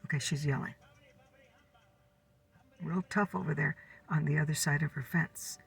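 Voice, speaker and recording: Breathy whispering woman in her fifties. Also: low-pitched, steady tone, moderate pace, distant mic. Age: 50s. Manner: soft whispered gossip storytelling. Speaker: ASMR storyteller. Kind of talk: whispered ASMR storytelling.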